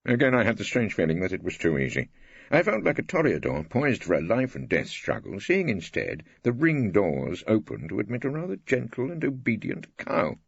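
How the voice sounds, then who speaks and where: An older English man reads a first-person story in a dry, wry and measured way. His low voice is gravelly and husky, with a lively rise and fall. The studio sound is dry and slightly dull. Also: no room sound. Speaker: audiobook reader. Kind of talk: first-person scripted narration.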